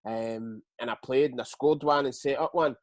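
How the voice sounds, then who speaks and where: A man's voice: mid-range voice, fairly even intonation, normal speed, dry recording. Scottish man telling stories, dry sound. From Scotland. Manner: swears freely, acts out others in quotes. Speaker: guest, retired footballer. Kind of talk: casual storytelling interview.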